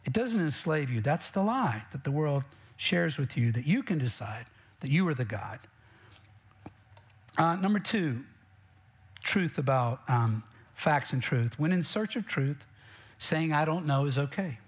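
A man's voice: on the high side, animated, unhurried, breathy edge. Emphatic preacher, man. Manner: emphatic preaching, direct questions to the congregation. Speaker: pastor. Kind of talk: sermon.

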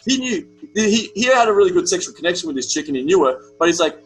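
High-voiced Australian man telling stories. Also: fast talker, soft background music, low-quality recording. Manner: animated storytelling, heavy swearing. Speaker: podcast guest. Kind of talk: casual chat.

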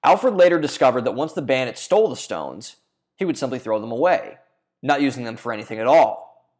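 A man's voice: mid-range voice, very animated, fairly quick, a little mellow. A man narrating a scripted video essay in an earnest reading manner, now and then stumbling and restarting a phrase.

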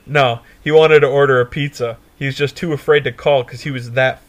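A young man co-hosting a podcast, telling a stoner story in a profane, animated way and laughing often. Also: medium pitch, fairly quick. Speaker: podcast co-host. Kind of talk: casual storytelling chat.

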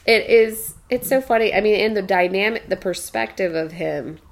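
A woman in her thirties chats casually on a podcast, her voice a little gravelly. She tells stories animatedly, laughing along the way. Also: medium pitch, normal speed. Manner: animated storytelling, acts out her son's lines, laughs often. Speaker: podcast co-host. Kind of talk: casual chat.

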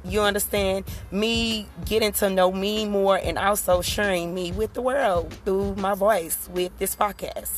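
A woman talks through a casual solo podcast in a middle-pitched voice. She keeps checking in with her listeners through rhetorical asides. Faint music plays softly behind her. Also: steady tone, measured pace, few pauses. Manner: conversational, rhetorical asides like "you understand?". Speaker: podcast host.

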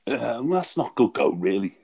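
A man's voice: mid-range voice, sing-song, normal speed, vocal fry, darkish tone, slightly rough. A man in casual banter who laughs and swears freely. His voice swings up and down a lot as he talks. He speaks over a remote call through headphones.

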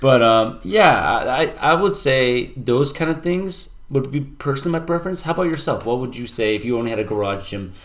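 Fast-talking man explaining workouts. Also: mid-range voice, animated. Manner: fast, loose talk full of "like" and restarts. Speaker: personal trainer and podcast co-host. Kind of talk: casual podcast chat.

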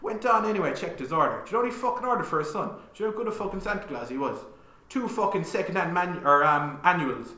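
A young Irish man telling stories in casual chat, animated and swearing often, with plenty of "like" fillers. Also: high-pitched, fast talker. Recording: roomy echo.

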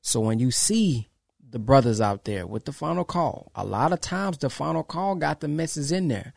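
A man's voice: on the high side, lively intonation, moderate pace, creaky, a little mellow, dry recording, studio quality. A man hosting his own podcast, speaking in an emphatic, preachy way, repeating phrases and acting out quoted exchanges. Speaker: podcast host. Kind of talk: casual monologue to followers.

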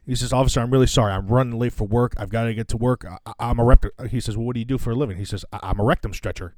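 A man's voice: mid-range voice, racing, a little mellow, dry recording. A man co-hosting a casual podcast, telling long jokes and breaking into laughter at his own punchlines. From Midwest US. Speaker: podcast co-host.

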